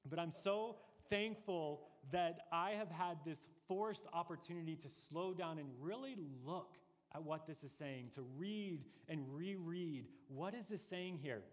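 A man preaching a sermon as pastor, earnest and deliberate, pressing his points with rising emphasis. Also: on the high side, big-room sound.

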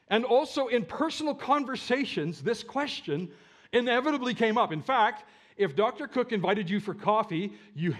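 A male pastor preaching a sermon to his congregation, swinging from loud, emphatic calls to low, quiet asides. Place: church sanctuary with a live congregation.

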